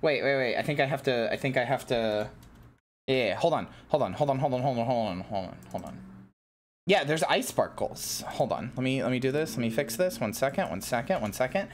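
A woman streamer chatting with her viewers, excitable and giggly, swearing a lot and bursting into shouts. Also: extremely low pitch, brisk, slight background noise. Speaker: VTuber streamer. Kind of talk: casual live-stream chat with viewers.

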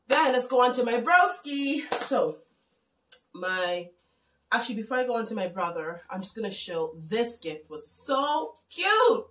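A woman in her thirties from the West Indies, chatting casually and warmly gushing to viewers as she shows her Christmas gifts. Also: on the high side, sing-song, unhurried, roomy sound, poor audio. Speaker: home vlogger. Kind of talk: casual gift show-and-tell.

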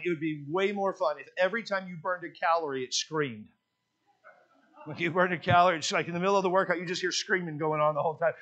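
Male pastor, high voice, folksy humorous sermon delivery in church. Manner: folksy, joking storyteller with lively emphasis.

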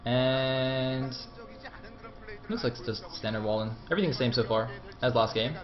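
A man's voice: medium pitch, normal speed, lo-fi sound. A man casting a game match in a casual, rambling way, often mocking himself and swearing. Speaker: amateur esports caster.

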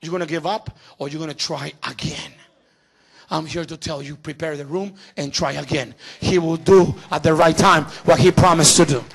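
Gravelly high-voiced preacher shouting to a congregation. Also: male voice, fairly even intonation, normal speed. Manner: swings from quiet asides to shouted exhortation. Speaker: pastor. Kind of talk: sermon. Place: church sanctuary.

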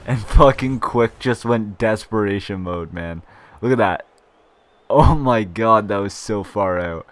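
A young man giving live gameplay commentary for his channel, swinging from low grumbling frustration to loud excited shouting, with frequent swearing. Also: measured pace. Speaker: gaming YouTuber.

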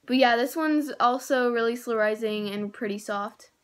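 A teenage girl casually unboxing squishy toys, gushing and excitable, rambling with many fillers. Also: on the high side, normal speed, slight background noise. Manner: gushing and excitable, with gasps and squeals; rambling, with many likes and self-corrections. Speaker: squishy toy haul vlogger.

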